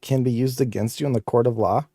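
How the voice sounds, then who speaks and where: A man's voice: mid-range voice, quick pace, no echo. Guy co-host chatting, kinda skeptical, dry close sound. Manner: relaxed, questioning, a bit skeptical. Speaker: livestream co-host. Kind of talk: casual chat.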